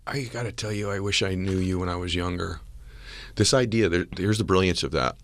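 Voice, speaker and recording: A middle-aged American man hosting a podcast interview, telling a story in an earnest, animated way. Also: deep voice, brisk. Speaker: podcast host. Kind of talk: conversational interview.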